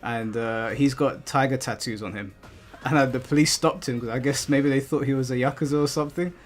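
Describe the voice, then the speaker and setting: A man's voice: medium pitch, fairly even intonation, brisk, faint music behind. Rambling English man hosting a stream. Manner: rambling storytelling with many restarts. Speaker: streamer host. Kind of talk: casual chat on a gaming stream.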